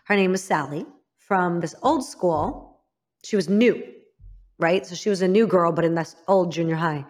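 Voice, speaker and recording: A woman from Illinois telling her own story as an interview guest, frank and emphatic, dropping to a hushed voice for the painful memories. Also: mid-range voice. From Illinois, United States. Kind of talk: candid personal storytelling.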